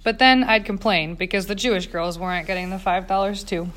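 A woman's voice: medium pitch, fairly even intonation, fairly quick, a bit bright, natural voice. A woman voicing a fiery, indignant young female factory worker who speaks in a heated, accusing way. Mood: earnest.

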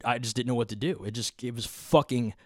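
A man's voice: mid-range voice, fairly even intonation, fairly quick, no room sound, studio quality. A man with a Southern Ohio accent hosting a solo podcast, talking off the cuff in a profane, rambling, laid-back way. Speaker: podcast host. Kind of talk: unscripted solo podcast chat.

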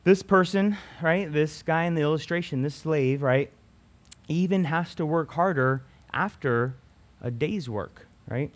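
Casual preacher who keeps asking "right?". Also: male voice, fairly high pitch, a little slow. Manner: keeps adding "right?" tag questions; conversational, with restarts. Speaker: youth Bible teacher. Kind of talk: casual sermon to students.

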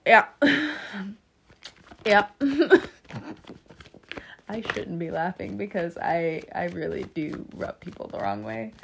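A woman's voice: on the low side, very animated, slow pace, gravelly, pauses often, a bit bright, a little hiss or hum. A woman giving a casual tarot reading to camera, chatty and rambling, laughing often as she talks. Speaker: tarot reader.

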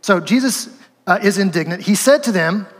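A man's voice: high voice, lively intonation, normal speed, long reverb tail. A man preaching a sermon as pastor, conversational and asking the congregation questions.

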